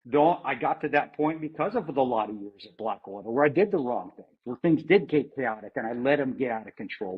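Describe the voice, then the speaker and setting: A man's voice: mid-range voice, slightly rough, dull audio. A middle-aged American man, a former Army Ranger, telling his story in a plain-spoken way with many restarts and some swearing. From United States. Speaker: interview guest, former Army Ranger and security contractor. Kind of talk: candid conversational storytelling.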